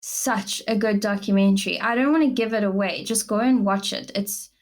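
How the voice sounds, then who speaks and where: A young South African woman co-hosting a podcast, talking in a chatty, gushing way with plenty of "like" fillers. Her voice sits at an ordinary middle pitch. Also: fairly even intonation, normal speed. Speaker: podcast co-host. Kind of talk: casual chat.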